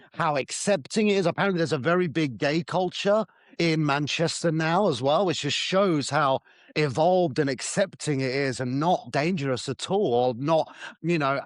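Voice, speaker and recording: A man co-hosting a relaxed podcast, his voice sitting a bit high. He talks chattily and softens his views with hedges. The recording is dry and close. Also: dry recording. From southern England. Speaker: podcast co-host. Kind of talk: casual chat.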